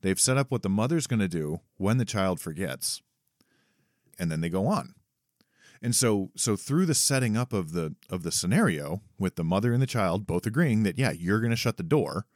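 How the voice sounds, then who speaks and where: Very deep-voiced man, thoughtful podcast host. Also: no room sound, studio quality. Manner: thoughtful, explains at length, often restarts sentences. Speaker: parent. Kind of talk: casual chat.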